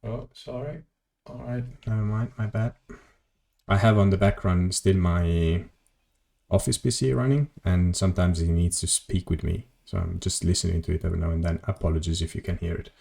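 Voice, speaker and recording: A man's voice: sits low, fairly even intonation, fairly quick, vocal fry, mellow. A man streaming a game from his home office, chatting casually and rambling as he plays, correcting himself and answering chat. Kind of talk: casual gameplay commentary.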